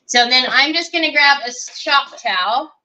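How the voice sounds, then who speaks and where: A woman's voice: high-pitched, animated, normal speed, pushed and bright, low-quality recording. A woman hosting a live crafting demonstration, chatting and thinking aloud as she works and greeting viewers by name. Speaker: craft livestream host.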